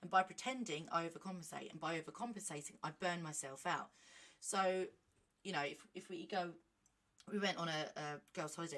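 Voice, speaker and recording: A woman in casual vlog chat, reading a medicine leaflet aloud with animated, self-mocking asides. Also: fairly low pitch. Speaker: vlogger.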